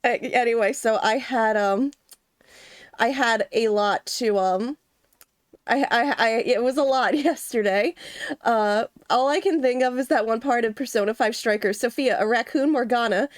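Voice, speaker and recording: A young woman streamer talks to her viewers in a loose, rambling way, full of fillers, restarts and little laughs. Her voice sits a little high. The sound is dry and close, with no room around it. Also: moderate pace, no echo. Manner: chatty, giggly, rambling with many fillers. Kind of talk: casual chat.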